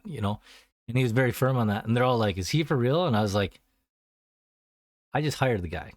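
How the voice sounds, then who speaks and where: A man's voice: mid-range voice, a little fast, long pauses, no echo, studio quality. A man co-hosting a casual podcast, telling rambling stories and acting out phone callers in a raised voice. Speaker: podcast co-host. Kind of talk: casual chat.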